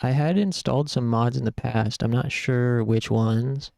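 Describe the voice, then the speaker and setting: Gravelly, mellow male streamer, casual gameplay commentary. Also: medium pitch, a little slow, no room sound.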